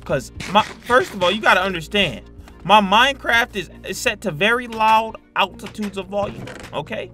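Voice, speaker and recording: A man's voice: sits high, expressive, moderate pace, pushed and bright, soft background music. A young man commentating a Minecraft horror play-through, slangy and jumpy, yelping and screaming at scares. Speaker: gaming YouTuber.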